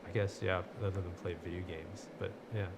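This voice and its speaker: A man with a very low, gravelly voice co-hosts a podcast and asks questions in a halting way, full of fillers. Clear background noise hangs under his voice. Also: flat delivery. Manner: hesitant, many fillers. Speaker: podcast co-host. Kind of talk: casual interview questions.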